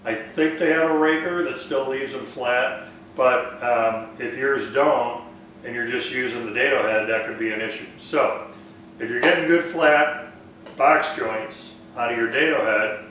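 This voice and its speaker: Speaking a little slowly at medium pitch, a woodworking live stream host runs a casual Q&A from his shop, reading out viewer comments. He's relaxed and thinks aloud with fillers; the distant mic catches big room echo and slight background noise.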